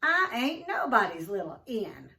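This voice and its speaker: A woman reading aloud, voicing a feisty, outspoken young girl with raised, pleading pitch. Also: very animated, normal speed, fairly bright tone, far from the mic. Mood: indignant. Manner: indignant, pleading, rising in pitch.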